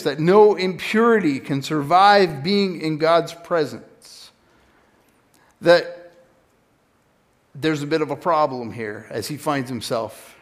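A man preaching a sermon in a conversational teaching style, often stopping to correct himself. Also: a little high. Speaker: pastor.

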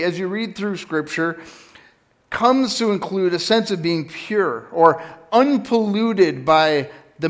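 Conversational man teaching a sermon. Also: sits high. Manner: conversational, self-correcting. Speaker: pastor.

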